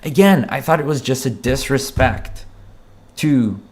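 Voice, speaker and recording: A man's voice: mid-range voice, measured pace, a little mellow. A man giving a casual spoken film review, passionate and frank, often repeating words and asking "right?" as he goes.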